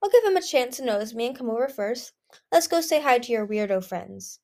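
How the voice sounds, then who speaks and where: A bossy young female dragon, lovestruck and impatient, in a read-aloud fantasy story, as a woman plays her. She snaps her lines in short, sharp bursts, and her voice rides a little high. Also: expressive, a little fast.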